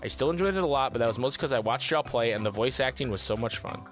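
A man's voice: mid-range voice, expressive, racing, faint music behind. A man co-hosting a casual gaming podcast, reading viewer comments aloud and riffing on them. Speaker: podcast co-host reading chat.

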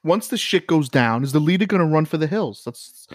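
Halting, teasing male interviewer. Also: fairly high pitch, lively intonation, dry recording, studio quality. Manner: halting, teasing questions with many fillers. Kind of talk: improvised mock interview.

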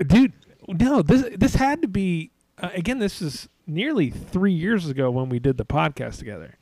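A man with a somewhat higher voice hosts a casual podcast, rambling through his stories and laughing at himself as he goes. The sound is dry and close, with little room echo. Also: big pitch swings, moderate pace, a little mellow. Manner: rambling, laughing, self-deprecating. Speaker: podcast host. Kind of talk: casual chat. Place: away from home, remote.

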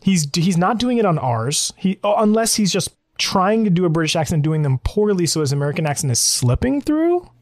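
Talkative man, fairly high voice, dry close sound, faint music behind, casual reaction chat. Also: very animated, no room sound. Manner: chatty, self-correcting, quick to analyze. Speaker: TV show reaction host.

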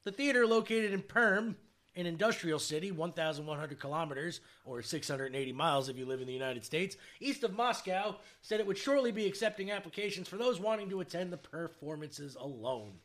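A man's voice: sits high, expressive, brisk, a bit bright. A man hosting a casual podcast, reading news headlines aloud with joking, profane asides. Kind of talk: casual chat.

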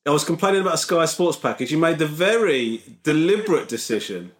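A man's voice: fairly high pitch, lively intonation, a little fast. A man in casual comedic chat, teasing his co-host with dry questions.

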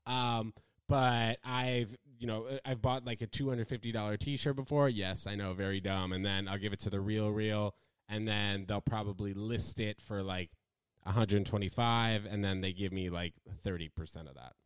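Young man, podcast host, casual chat, filler-heavy, smooth clear voice, dry close sound. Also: fairly low pitch, steady tone, moderate pace, no room sound. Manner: loose, filler-heavy talk with laughing swings upward.

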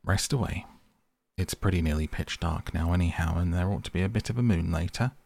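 A good-natured male water rat from a bedtime storybook, steady and reassuring, as a male narrator puts him on. The voice sits low with heavy gravel and a husky edge. He talks in a calm, hearty way to comfort a frightened friend. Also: a little fast. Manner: soothing, cheerful and reassuring.

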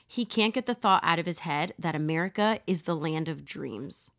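A woman with a somewhat low voice narrates a true crime story for her podcast co-host. She talks loosely and conversationally, dropping profanity and laughing along the way. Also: moderate pace, gravelly, fairly bright tone. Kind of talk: casual storytelling chat.

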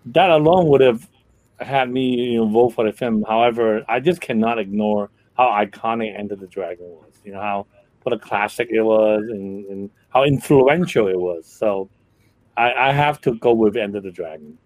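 A man's voice: fairly low pitch, normal speed, a little mellow, dry recording, poor audio. A man on a panel thinking aloud as he gives his vote, with many fillers. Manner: thoughtful, uses many fillers. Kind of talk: casual panel discussion.

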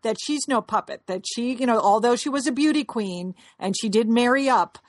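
A woman with a slightly raised pitch rambles through her thoughts on a show in casual chat. She restarts often and laughs at herself. The sound is dry and close to the mic. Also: brisk, dry recording. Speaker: podcast co-host.

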